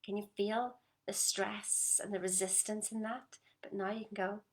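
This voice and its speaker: A woman gives an earnest motivational talk on a group call, her voice pitched in an ordinary middle range. She coaxes her listeners gently and slips into soft whispered phrases, then checks in with quick questions. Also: steady tone. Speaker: motivational coach.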